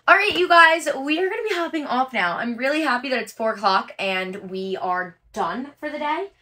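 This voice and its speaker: A woman's voice: high voice, lively intonation, moderate pace, pushed and bright. A woman hosting a casual livestream as she packs orders, chatty and upbeat, with frequent ums and likes. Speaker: livestream host packing orders.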